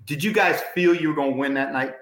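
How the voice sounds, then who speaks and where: A man hosting a casual sports interview, an animated storyteller who swears his stories are true. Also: on the high side, quick pace. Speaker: podcast host. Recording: roomy echo.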